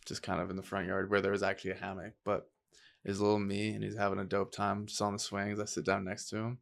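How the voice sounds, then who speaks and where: A young man from upstate New York hosts a podcast in a casual, relaxed way. He speaks haltingly and with emotion, often breaking into laughter while tearing up. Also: fairly low pitch, creaky. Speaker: podcast host. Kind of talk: casual chat.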